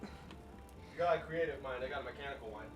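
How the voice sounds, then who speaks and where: A man's voice: medium pitch, a little fast, distant mic, loud music behind the voice. A man chatting casually with his partner during her art stream, easygoing and teasing. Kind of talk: casual chat.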